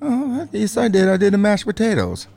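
A man's voice: high voice, sing-song, normal speed, vocal fry, dark tone. A man in his fifties hosting a casual chat, teasing and laughing often.

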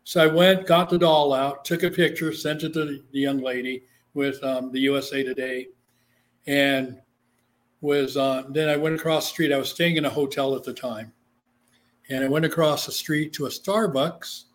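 A middle-aged man, an author and interview guest, telling stories in a lively way and acting out the voices of the people in them. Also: medium pitch, moderate pace. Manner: animated, acts out the voices in his stories. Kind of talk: storytelling in an interview.

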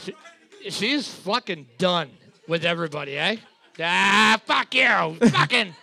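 A man hosting a bar quiz, his voice high and gravelly with a bright edge. He talks slowly, his pitch swinging widely, and he swears freely while tallying points. The sound is dry and close. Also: lively intonation, no echo. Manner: crude, joking, swears a lot. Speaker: trivia night co-host. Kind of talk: casual banter while scoring a music quiz.

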